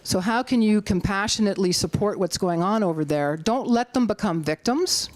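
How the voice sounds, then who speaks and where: In a community hall, a middle-aged woman with a Canadian accent gives a spirited activist talk at normal speed, with no echo. She rallies her audience and performs quotes in a high voice.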